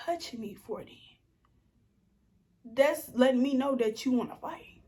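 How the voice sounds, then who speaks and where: A young woman telling a storytime vlog, animated and acting out what people said, sometimes dropping to a whisper. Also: high voice, unhurried. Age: young adult. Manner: animated, acts out quotes, slips into whispers. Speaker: vlogger.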